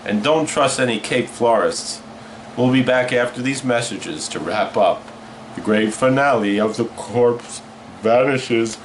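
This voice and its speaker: A man's voice: mid-range voice, measured pace, slight background noise. A man hosting a late-night horror movie show, delivering hammy comic patter sprinkled with Yiddish words.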